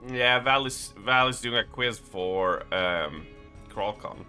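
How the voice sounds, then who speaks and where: A man's voice: on the low side, takes it slowly, pushed and bright, faint music behind. A young man chatting casually on a live stream, rambling with lots of fillers, his voice a little strained and worn.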